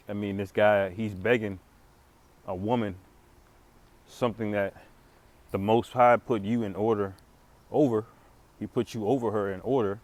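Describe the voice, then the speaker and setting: A man's voice: on the low side, darkish tone. A man hosting a casual religious commentary video, rambling with many fillers and restarts and chuckling now and then. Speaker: commentary channel host.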